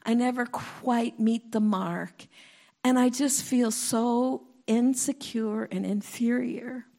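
A woman preacher speaks in a slow, earnest sermon, her voice husky and edged with a gravelly fry. She often sinks into a near whisper. Her pitch sits a little high for a woman. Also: fairly even intonation, warm tone. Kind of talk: sermon with prayer. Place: church hall before a congregation.

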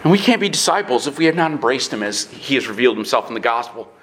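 A man preaching a sermon in an animated way, sometimes raising his voice and acting out quick bits of dialogue. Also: mid-range voice, echoey room, slight background noise. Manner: animated preaching with bursts of shouting; acts out dialogue in quick asides. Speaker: pastor.

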